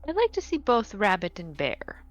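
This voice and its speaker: A woman playing a tabletop game, hesitant and soft-spoken. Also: medium pitch, huge pitch swings, moderate pace, no echo, muffled recording, faint music behind. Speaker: player.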